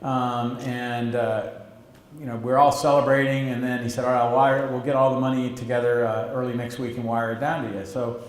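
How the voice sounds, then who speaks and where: A man's voice: mid-range voice, flat delivery, brisk, echoey room. A middle-aged man in an interview, telling a long story in a loose, conversational way, full of restarts and acted-out quotes. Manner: rambling with restarts, acts out quoted voices. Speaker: interviewee, entrepreneur. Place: stage or meeting room, event interview.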